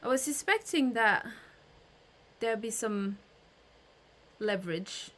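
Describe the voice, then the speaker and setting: A woman's voice: a little high, expressive, slow, fairly bright tone. A woman hosting a casual livestream, chatting with her audience, greeting viewers by name, with frequent fillers and restarts. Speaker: livestream host.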